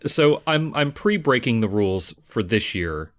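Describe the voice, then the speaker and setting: A man's voice: mid-range voice, sing-song, unhurried. A man co-hosting a casual video game podcast over a video call, dry and sarcastic. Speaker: podcast co-host. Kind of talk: casual chat. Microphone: remote video call.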